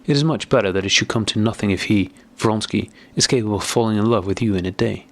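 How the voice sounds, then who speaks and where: A gentle, affectionate married woman speaks earnestly in a storybook, as a man with a low, gravelly voice reads her part. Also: quick pace. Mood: frank.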